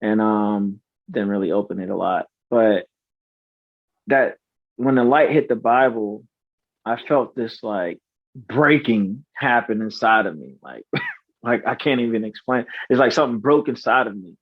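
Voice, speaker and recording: Podcast guest, male, 30s. Earnest and halting, lots of restarts. Dry, slightly muffled mic sound. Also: lowish voice, dry recording. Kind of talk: personal storytelling in interview. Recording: slightly dull, dry recording.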